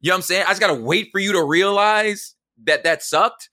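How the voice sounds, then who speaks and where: Middle-aged guy on a podcast, slangy, bright forceful voice, dry sound, acts out every line. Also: sits high, brisk, no room sound. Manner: animated, slangy, acts out quotes. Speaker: podcast guest. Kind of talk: casual storytelling.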